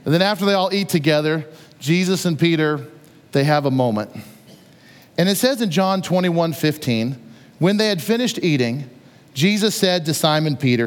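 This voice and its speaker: A man preaching a sermon as a pastor, conversational and animated, retelling scripture with playful asides. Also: a little high, moderate pace, big-room sound.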